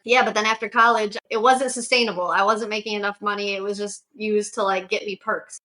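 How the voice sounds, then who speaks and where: Speaking briskly in a steady, mid-range voice with a sharp edge, a young Syracuse, New York woman tells stories about her shoe business in a casual interview. She's chatty and leans heavily on "like" as a filler, and the audio is poor.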